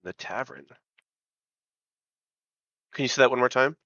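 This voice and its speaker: Bright-voiced man playing a tabletop game. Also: medium pitch, a little slow, creaky, dry recording, lo-fi sound. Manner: relaxed, laughs easily. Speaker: player. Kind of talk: casual tabletop play.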